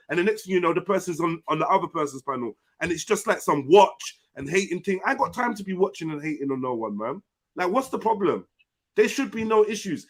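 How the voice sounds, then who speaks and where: A man hosts a heated online panel chat, blunt and full of slang and swearing. His voice sits noticeably high for a man. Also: animated, a little fast. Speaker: panel host.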